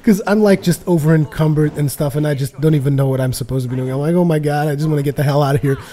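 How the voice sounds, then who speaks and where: Excitable man narrating his gameplay. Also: fairly high pitch, rapid-fire. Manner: rambling and excitable, swears freely, repeats words. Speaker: let's play commentator. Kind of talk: casual gameplay voice-over commentary.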